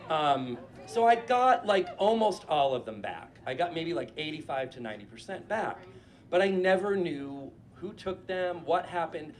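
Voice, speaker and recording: A man in his forties from New Hampshire, telling a casual, profane and animated story on stage before a live audience. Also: on the high side, normal speed.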